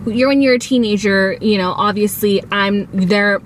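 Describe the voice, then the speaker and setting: A woman's voice: medium pitch, moderate pace, a little hiss or hum. A young adult woman telling a casual storytime on her channel, chatty and filler-heavy, acting out what people said. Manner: chatty, acts out quoted dialogue, many fillers. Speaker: vlogger.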